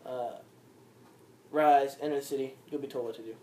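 A man's voice: medium pitch, steady tone, moderate pace, warm tone. A man leading an informal Bible study, reading scripture aloud and then explaining it with questions to the group. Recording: roomy with faint background noise.

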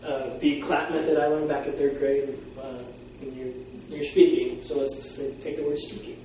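A man teaching a Greek class, explaining pronunciation and sounding out words slowly. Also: mid-range voice, flat delivery, dark tone. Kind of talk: classroom lecture. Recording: echoey room from far off, faint noise.

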